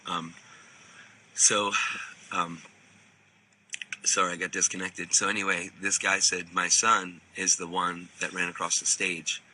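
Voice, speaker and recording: A man's voice: deep voice, level tone, unhurried, pauses often, sharp tone, slight background noise, poor audio. A man who teaches the Bible, telling a story casually and rambling a little, with frequent restarts.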